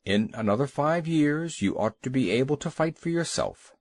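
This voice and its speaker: Old father seal, steady and firm, voiced by a male narrator, storybook, dry sound. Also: a little high, moderate pace, no room sound. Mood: advising.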